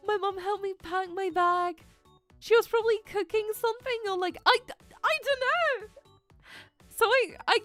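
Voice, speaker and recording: A young adult woman streamer telling a story in a casual chat, animated and dramatic, laughing often. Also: extremely high pitch. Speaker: VTuber streamer.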